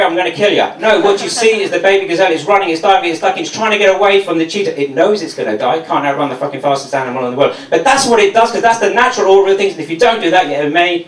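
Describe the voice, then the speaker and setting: A comedian from Mauritius works through a sardonic, swearing routine. His voice sits fairly high and reaches the mic from a distance, with a roomy echo and a little background noise. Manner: sardonic, profane. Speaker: stand-up comedian. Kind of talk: stand-up routine. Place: comedy venue. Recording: echoey room from a distance.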